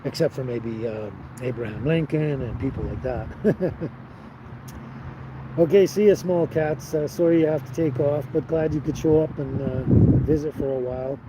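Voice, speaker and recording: A man's voice: a little high, moderate pace, noisy background. A man hosting a casual live stream, rambling and chatting with viewers by name. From Canada. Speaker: livestream host.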